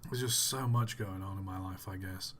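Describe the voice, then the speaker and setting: A man's voice: sits low, fairly even intonation, moderate pace, a bit bright. A man hosting a live stream, tired and yawning, giving dry, sarcastic running commentary on pictures with groans of disbelief. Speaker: livestream host.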